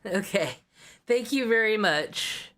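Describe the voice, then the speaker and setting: A woman's voice: medium pitch, animated, takes it slowly, a bit bright. A woman streamer chatting casually, wry and rambling, swearing offhandedly.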